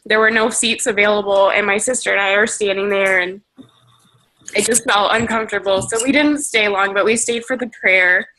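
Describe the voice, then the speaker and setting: A woman's voice: mid-range voice, steady tone, normal speed, sharp tone, poor audio. A woman leading a team video call, giving an emotional motivational pep talk in a shaky, tearful, gushing way.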